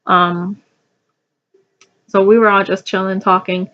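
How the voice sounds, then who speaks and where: A woman's voice: medium pitch, level tone, slow pace, fairly bright tone, lo-fi sound. Chatty young woman, rambling story. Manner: rambling, chatty, full of fillers and restarts. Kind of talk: casual storytelling to camera.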